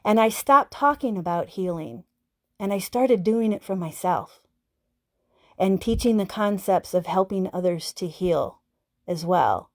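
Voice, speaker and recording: A woman's voice: medium pitch, animated, measured pace, darkish tone. Woman in her fifties, self-healing teacher, earnest, repetitive, talks straight to her audience. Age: 50s. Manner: earnest, repeats herself, speaks straight to the audience. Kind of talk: live-stream talk to viewers.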